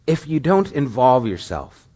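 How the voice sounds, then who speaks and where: A man's voice: medium pitch, big pitch swings, a little slow, dark tone, slightly rough. A middle-aged man preaching a sermon as pastor, earnest and questioning, with rising emphatic stretches.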